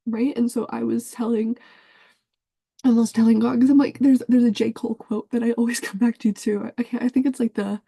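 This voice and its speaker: A woman's voice: a little high, steady tone, fairly quick, creaky, warm tone, slightly rough, no room sound, clean studio sound. A young woman talking in a candid confessional vlog, rambling with lots of fillers and the odd swear word. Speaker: vlogger.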